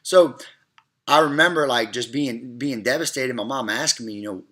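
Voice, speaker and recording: A middle-aged man talks straight to his viewers about raising kids, earnest and a little repetitive, leaning on "all right" and "look." His voice sits at an ordinary pitch with a bright, forceful edge. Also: normal speed. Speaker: host of a parenting segment. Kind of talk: casual advice talk to camera.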